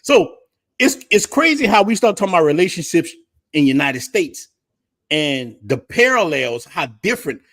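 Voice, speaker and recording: A man's voice: on the high side, sing-song, moderate pace. A man, telling slangy stories in a laughing, casual barbershop chat. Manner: loud laughing storyteller, slangy. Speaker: podcast host.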